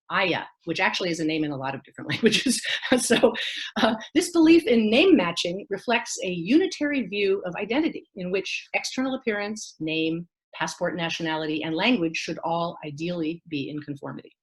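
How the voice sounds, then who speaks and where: A woman's voice: medium pitch, a bit bright. A woman giving an academic lecture online, reading from a prepared text with the odd filler. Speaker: academic speaker. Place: online talk.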